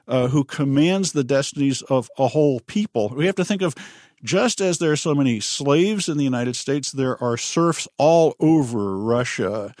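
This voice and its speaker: A man co-hosting a history talk show, explaining in a measured, thoughtful way. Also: medium pitch, darkish tone, no room sound, studio quality. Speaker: history podcast co-host. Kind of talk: conversational history discussion.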